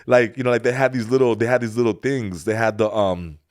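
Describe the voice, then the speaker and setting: A man's voice: mid-range voice, steady tone, a little fast. A man hosting a podcast, telling loose, slangy stories and switching between English and Spanish. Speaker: podcast host. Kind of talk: casual podcast chat and read sponsor ad.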